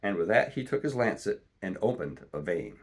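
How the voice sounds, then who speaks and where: A man reading a classic adventure storybook aloud in a steady, measured way. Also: low voice, vocal fry, slightly rough. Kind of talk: storybook read-aloud narration.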